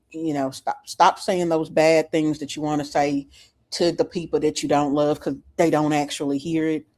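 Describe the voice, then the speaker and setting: A man voicing a self-important male angel messenger in a put-on Southern accent, speaking slowly and deadpan. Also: a little high, close to an everyday voice. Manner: slow, deadpan, mock-solemn. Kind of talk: comedic improvised bit on a livestream.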